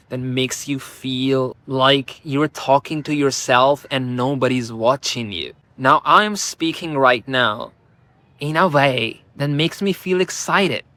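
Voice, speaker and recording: Slow, deliberate male speaking coach. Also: mid-range voice, dry recording. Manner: slow, drawn-out, deliberate delivery with emphatic rises; relaxed and conversational, peppered with "like". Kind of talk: talking to camera.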